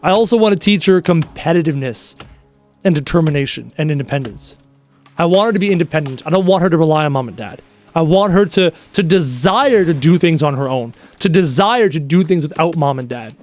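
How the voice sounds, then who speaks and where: A man in his thirties chatting casually with his live-stream viewers, telling stories in an animated way and answering their questions. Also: on the high side, a little fast, faint music behind.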